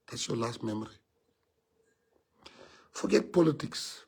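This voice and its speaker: Husky South African man giving an earnest speech. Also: fairly low pitch, a little slow, darkish tone. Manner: earnest, repeating key phrases for emphasis. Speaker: party leader addressing members. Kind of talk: heartfelt speech to supporters.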